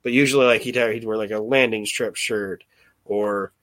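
A man's voice: fairly low pitch, normal speed, no echo. A man hosting a podcast, casually recapping an old wrestling show in a rambling, profane way and acting out what people said. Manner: rambling, profane, animated retelling with quoted voices. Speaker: podcast host.

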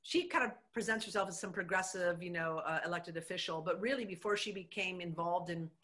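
A middle-aged woman, a former mayor, telling her story with emphatic, animated energy in a conversational interview. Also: fairly low pitch, a little fast.

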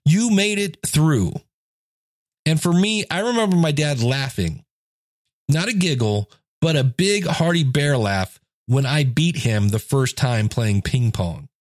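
A man's voice: fairly high pitch, lively intonation, unhurried, no echo, studio quality. A man in his fifties giving a casual motivational monologue, telling stories and acting out quoted voices. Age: 50s. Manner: storytelling, acts out quoted voices.

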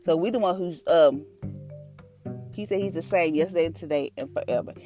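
A low-pitched woman talks through a devotional in a loose, earnest, conversational way. She fills her speech with everyday phrasing and fillers. Clear instrumental music plays underneath her voice. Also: brisk, warm tone. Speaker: devotional podcast host. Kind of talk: casual devotional talk. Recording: music bed behind voice.

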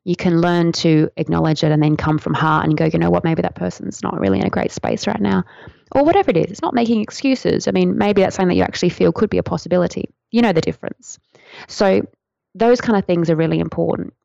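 Creaky low-voiced woman teaching. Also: quick pace, dry recording. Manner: flowing, earnest, gently instructive. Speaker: tantra teacher, podcast guest. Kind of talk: podcast interview answer. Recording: dry, dull lo-fi sound.

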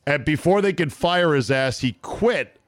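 A man's voice: fairly high pitch, lively intonation, no echo. Brash, dry-voiced podcast host man. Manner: brash, joking, quick storytelling. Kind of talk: casual sports talk.

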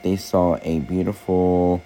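A man with a deep, mellow voice tells a faith story and reads scripture at an unhurried pace. His delivery is deliberate and measured. A faint hiss of noise runs under the recording. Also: level tone, low-quality recording. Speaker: storyteller, devotional speaker. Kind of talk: slow devotional storytelling.

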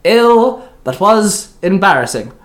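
A man's voice: high-pitched, very animated, slow pace, voice pushed up, heavily acted. A man voicing a sassy, flamboyant male servant who is doting and dramatic, speaking with exclamations. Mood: disgusted.

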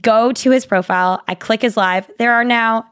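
A woman's voice: fairly high pitch, normal speed, a bit bright, smooth. A young woman co-host telling a story in casual chat, full of fillers. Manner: chatty, lots of "like" fillers.

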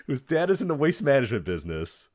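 A man's voice: mid-range voice, darkish tone, no echo, clean studio sound. A man co-hosting a wrestling podcast, recapping matches in rambling casual chat and laughing often. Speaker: podcast co-host.

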